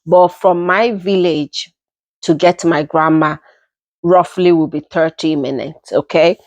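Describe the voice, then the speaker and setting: A young woman with a Nigerian accent telling a personal story in an unhurried, casual way, often repeating herself as she goes. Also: on the low side, steady tone, a little mellow, dry recording. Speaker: storytelling vlogger.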